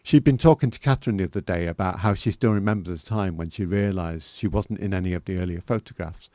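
A man's voice: low-pitched, fast, warm tone, no echo. A man reading a personal memoir aloud as a guest, with dry, self-mocking humour. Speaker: guest author reading his work.

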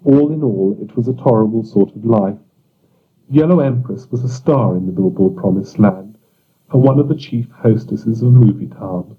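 A man narrating surreal fiction in a measured, deliberate audiobook reading. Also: fairly low pitch. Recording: dull lo-fi recording.

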